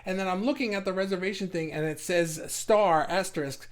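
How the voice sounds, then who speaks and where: A man's voice: sits high, a little fast. A middle-aged man with a New York accent, hosting a casual live chat, reading viewer comments aloud, laughing often and stumbling over his words.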